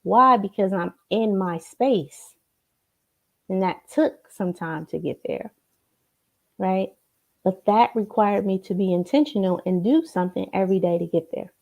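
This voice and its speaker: A woman's voice: mid-range voice, unhurried, vocal fry, warm tone. A woman giving a motivational coaching talk to a computer camera, emphatic and checking in often with tag questions. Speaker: life coach.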